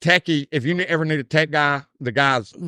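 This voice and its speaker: A man's voice: a little high, fairly quick, bright, forceful tone, clear, resonant tone, dry recording, clean studio sound. A man, hosting a podcast and rambling through a story in casual chat, full of "dude" and "like.". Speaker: podcast host.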